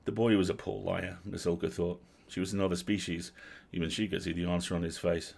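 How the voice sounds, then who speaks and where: Deep-voiced man reading a story aloud. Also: creaky. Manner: steady, measured storytelling. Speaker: livestream story reader. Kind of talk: reading a horror novel aloud.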